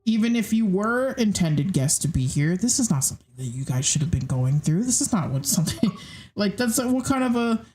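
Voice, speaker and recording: A woman's voice: medium pitch, very animated, fairly quick, warm tone. A woman narrating a tabletop game as game master, casual and hesitant with many fillers.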